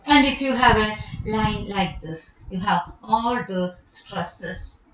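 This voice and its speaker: A woman's voice: medium pitch, takes it slowly, a bit bright, roomy sound, a little hiss or hum, rough recording. A woman with a Malayali accent teaching a poetry lesson, explaining step by step and repeating key terms. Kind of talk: recorded online lecture on poetry.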